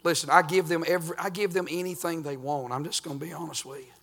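Older pastor, folksy sermon delivery, bright and ringing tone. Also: male voice, a little high, steady tone, fast. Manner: folksy preaching, swinging from loud to quiet.

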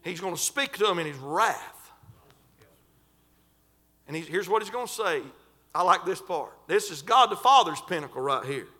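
A man preaching a sermon in a fervent, folksy way, stretching and shouting scripture lines. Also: high-pitched, expressive, normal speed, long pauses. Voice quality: folksy, colloquial.

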